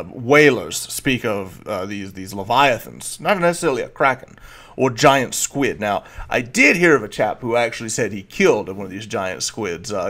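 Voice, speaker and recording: A man's voice: medium pitch, fairly bright tone, close to an everyday voice. A man voicing a jovial, bearded male adventurer who loves telling tales, in a tabletop game.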